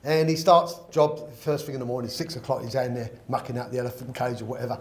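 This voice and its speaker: A man's voice: mid-range voice, fairly even intonation, quick pace. A man, a guest comedian telling a joke in a casual, rambling way. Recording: echoey room.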